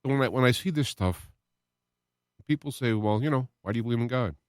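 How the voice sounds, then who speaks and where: A man's voice: medium pitch, brisk, darkish tone, no echo, clean studio sound. A man hosting his own internet radio show, talking about his faith in a rambling, heartfelt way that rises and falls with emotion. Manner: earnest, rambling, with restarts and emotional swells. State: close to tears at moments. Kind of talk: personal faith talk monologue.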